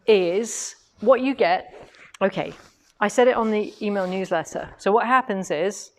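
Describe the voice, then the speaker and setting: A middle-aged woman from England, hosting a quilting shop's live stream in a chatty, lively way and reading out viewer comments. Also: medium pitch. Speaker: quilting shop host.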